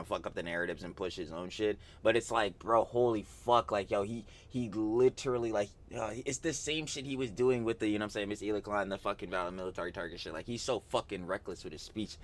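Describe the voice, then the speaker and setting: A man reacting to a video in casual, profane, slang-heavy banter. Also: on the low side. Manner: profane slangy banter, bursts into loud laughing rants. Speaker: reaction streamer.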